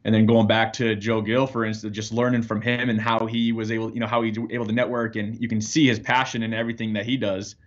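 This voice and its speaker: A man's voice: lowish voice, little pitch movement, fast, few pauses. A man, an air force firefighter, talking earnestly as a guest over a video call, with fillers. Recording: dull lo-fi video call audio.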